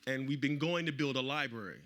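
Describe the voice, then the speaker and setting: A middle-aged man speaking at a live event, telling a personal story to the audience with animated delivery and acting out the voices of the people he quotes. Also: mid-range voice, quick pace. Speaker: author speaking at a book event.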